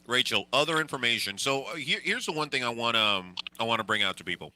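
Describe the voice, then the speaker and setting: Guy hosting a podcast, super bright voice, jokey, bit of hum behind. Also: medium pitch, animated, fast. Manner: loose, jokey, talks while eating. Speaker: host. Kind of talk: casual chat.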